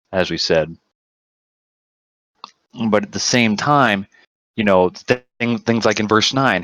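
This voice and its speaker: A man in a casual group Bible study discussion who gets excited and emphatic, repeating words as he talks. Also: fairly low pitch, no room sound, poor audio.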